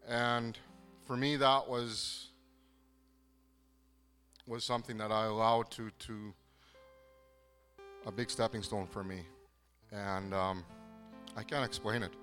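Man, low voice, hesitant earnest faith testimony, soft guitar music behind. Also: steady tone, long reverb tail. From southern Manitoba, Canada. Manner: halting, hesitant, many restarts; earnest, moved. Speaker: program participant giving testimony.

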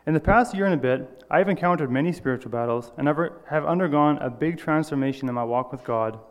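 A man's voice: fairly high pitch, quick pace, long reverb tail, highs cut off. A man giving an earnest, personal sermon, reading scripture and correcting small slips as he goes. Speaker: lay preacher.

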